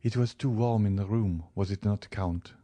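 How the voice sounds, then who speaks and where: A man's voice: fairly low pitch, normal speed, mellow, dry recording, lightly acted. A man voicing a sorrowful middle-aged noblewoman in an audiobook, speaking in a plaintive, tremulous way. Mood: earnest. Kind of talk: audiobook character reading.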